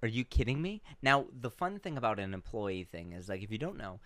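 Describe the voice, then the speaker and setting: Male podcast co-host, bright lively voice, dry close sound, storyteller who swings loud to quiet. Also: lowish voice, brisk, no echo. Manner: animated storytelling, swings from shouting to hushed. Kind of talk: casual chat.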